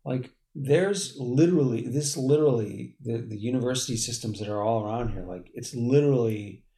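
A man talks casually on a podcast, in a voice of ordinary middle pitch. He rambles, restarts his sentences and leans hard on "like" and "literally". Now and then he swears. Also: moderate pace, mellow. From Boston area.

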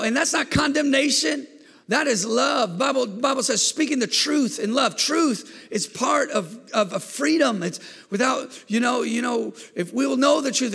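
A male pastor preaching a sermon in a church, building fervently into shouts and calling on the congregation to answer back. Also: very high-pitched, creaky, husky. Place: church sanctuary. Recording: long hall reverb in a church.

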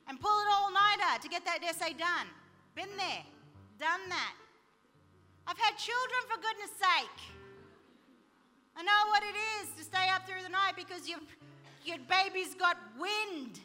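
A middle-aged woman telling a personal story in a sermon, lively and full of quoted dialogue. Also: very high voice, long reverb tail. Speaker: speaker sharing testimony. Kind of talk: sermon-style personal testimony.

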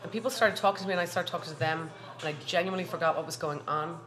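A woman with an Irish accent chatting as a guest, effusive and quick to laugh. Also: on the low side, music in the background. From Ireland. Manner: warm, effusive, laughs often. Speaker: guest, hospitality worker. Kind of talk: casual chat. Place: bar.

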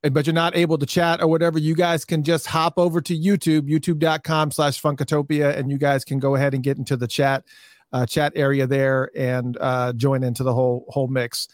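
Male livestream host, halting delivery, somewhat high voice, dry close sound. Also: flat delivery, no room sound. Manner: hesitant, filler-heavy announcements. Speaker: show host. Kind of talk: livestream hosting.

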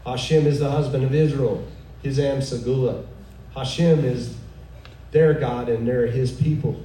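A woman preaches a sermon with fervor, breaking into exclamations and soft chuckles. Her voice is mellow and dark. She is heard from some distance in a reverberant room, with a faint hiss underneath. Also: extremely low pitch, steady tone, unhurried. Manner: fervent, exclaiming, chuckling asides. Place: room with a live audience. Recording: echoey room, mic far off, faint noise.

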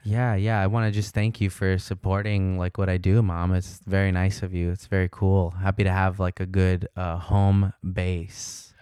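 A man's voice: deep voice, level tone, moderate pace, few pauses, mellow, clear, resonant tone, no echo, clean studio sound. A man hosting a casual comedy podcast, talking loosely, swearing and joking. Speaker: podcast host.

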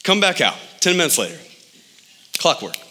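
Animated, bright-voiced male pastor. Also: moderate pace. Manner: animated, pitch jumping up for emphasis. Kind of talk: sermon.

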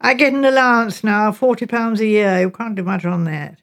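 An awkward, outspoken teenage girl speaks plainly and without ceremony in this audiobook, as a woman reads her. Her lines come up high with a slight gravel under them. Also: brisk, lightly acted. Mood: blunt, artless. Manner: blunt, artless. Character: awkward blunt teenage girl, frank and odd. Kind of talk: audiobook character reading.

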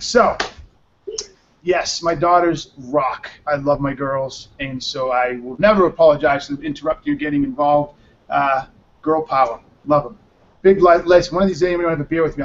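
An exhausted man hosting a live talk show, his voice pitched fairly high for a man. He rambles and talks bluntly, swearing now and then. The sound is muffled and lo-fi. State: exhausted from little sleep. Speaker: show host. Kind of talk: casual live-show chat. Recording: muffled lo-fi audio.

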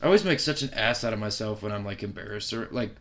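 Quick and expressive in a lowish voice, this comedian spins rambling anecdotes in laid-back podcast chat. He leans heavily on fillers like "like" and laughs frequently.

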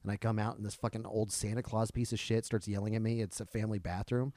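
A man, a comedian in casual podcast chat, who rambles through stories and works himself up into loud ranting. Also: fairly low pitch, flat delivery, quick pace, no room sound.

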